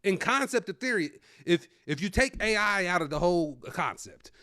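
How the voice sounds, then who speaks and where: A man in his thirties, a comedian hosting his own show, ranting loudly to camera at home into his own microphone. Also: high-pitched, moderate pace, no room sound, studio quality. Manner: animated, loud and ranting. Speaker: comedian host.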